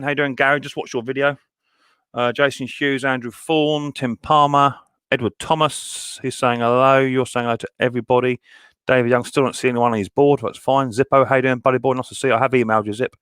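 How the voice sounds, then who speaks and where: A man hosts a live stream and reads through the chat. He greets each viewer by name as mate or buddy boy, in a loose style full of fillers. His voice sits at an ordinary middle pitch, and the sound is dry with no room echo. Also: fairly bright tone, clean tone. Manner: casual, many fillers, calls people mate and buddy boy. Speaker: mower channel host.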